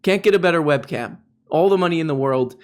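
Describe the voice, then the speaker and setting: A man's voice: fairly high pitch, fast talker. A man giving casual, mocking commentary, often dropping into mock voices. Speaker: political commentator.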